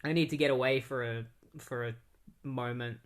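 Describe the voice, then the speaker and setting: A man's voice: mid-range voice, fairly even intonation, normal speed, natural voice. A man briefly voicing a distraught young superheroine while retelling a comic. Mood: overwhelmed.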